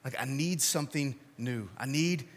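A male pastor preaching a sermon in a church, telling stories with big swings from shouting to quiet appeals. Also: mid-range voice, moderate pace.

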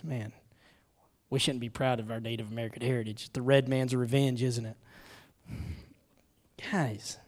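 This middle-aged preacher, medium in pitch, shares personal stories in his sermon, shifting from quiet confession to loud urgency and back.

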